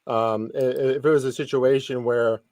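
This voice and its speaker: A man's voice: medium pitch, steady tone, darkish tone, no echo. A man chatting as a guest sports analyst, often restarting and filling his sentences with ums. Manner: halting, many restarts and fillers. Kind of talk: casual podcast chat.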